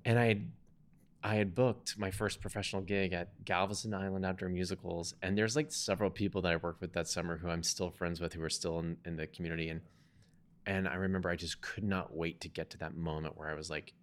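Deep-voiced man telling a personal story. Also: a little fast. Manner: chatty, animated retelling with quoted dialogue. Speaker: podcast co-host.

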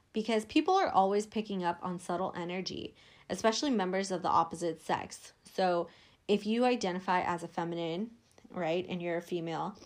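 A young woman hosting a podcast as a life coach, talking casually with lots of "like" fillers and acting out inner voices. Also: fairly low pitch. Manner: chatty, frequent "like" fillers, acts out inner voices.

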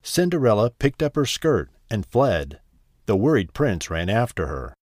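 A man reading a fairy tale aloud with a measured, expressive storybook delivery. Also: on the low side, soft background music. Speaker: narrator. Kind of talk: storybook narration.

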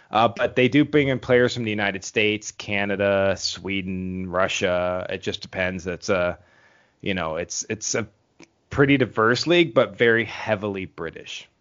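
A man's voice: on the low side, fairly bright tone. A man co-hosting a sports podcast, explaining teams in an easygoing way with many fillers. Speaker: podcast co-host. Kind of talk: casual sports chat. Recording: dull lo-fi podcast audio.

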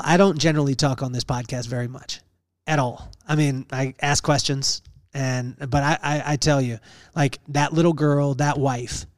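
A man hosting a podcast, telling an emotional personal story in an earnest, halting way with many fillers. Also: mid-range voice, darkish tone, no echo, studio quality. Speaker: podcast host.

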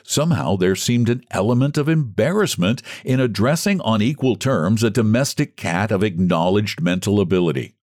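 Male audiobook narrator, expressive, lively intonation, dry close sound. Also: lowish voice, dry recording. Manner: measured, expressive storytelling.

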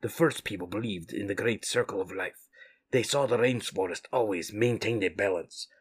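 A man voicing a wise, solemn jaguar mutant in a measured, husky voice, with Spanish words mixed in, for a comic read-aloud. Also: fairly low pitch, pitched below the performer's own voice.

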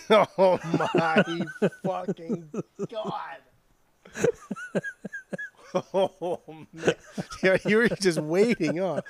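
A man co-hosting a casual chat, animated and profane, laughing often. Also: high-pitched, extremely slow, long pauses, crowd noise. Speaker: podcast co-host.

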